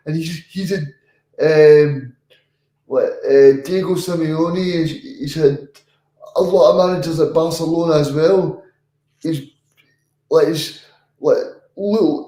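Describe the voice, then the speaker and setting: Male co-host, slightly high, mellow, rambling, roomy echo. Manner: rambling, halting, many restarts. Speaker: podcast co-host. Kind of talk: casual football podcast chat. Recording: echoey room.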